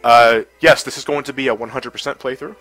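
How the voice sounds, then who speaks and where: A man's voice: medium pitch, steady tone, a little fast, fairly bright tone, faint music behind, low-quality recording. A man with a stuffy cold, casually commenting on a game livestream, chatty and reading the chat aloud. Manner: chatty, laughs often, reads chat aloud. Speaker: livestream host.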